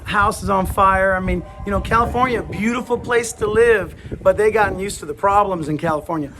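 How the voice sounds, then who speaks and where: A man talks fast in a fairly high voice and jumps in with quick agreement. Faint background hum sits under his casual chat.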